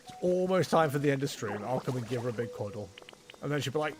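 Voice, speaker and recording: A man's voice: medium pitch, lively intonation, fast, soft background music. A man chatting casually and rambling with self-mocking humor while livestreaming a game. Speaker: streamer. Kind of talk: casual gameplay livestream chat.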